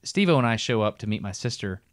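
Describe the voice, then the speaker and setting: A middle-aged man co-hosting a podcast, telling a long story in a casual, animated way and breaking into laughs as he goes. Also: on the low side, fast, no room sound, clean studio sound. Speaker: podcast co-host.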